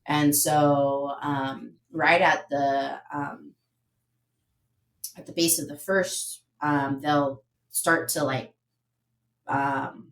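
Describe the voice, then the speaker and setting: A young woman with a notably low, steady voice talks as a podcast guest. She rambles in casual chat, filling gaps with "like" and "um" as she explains her work as an athletic trainer. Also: drawn-out words, long pauses, poor audio. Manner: rambling, heavy on "like" and "um".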